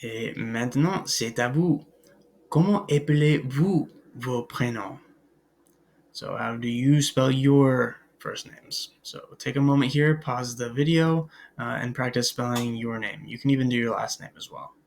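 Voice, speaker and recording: Guy teaching a french class on video, slow and gravelly, lots of ums. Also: medium pitch, darkish tone, a little hiss or hum. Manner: hesitant, many ums and uhs; spells out words letter by letter. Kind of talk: recorded video lesson.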